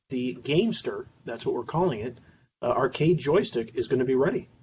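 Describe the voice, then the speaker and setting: A man co-hosting a casual podcast, easygoing and relaxed as he talks through his projects. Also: mid-range voice, moderate pace, dull audio, slight background noise. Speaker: podcast co-host.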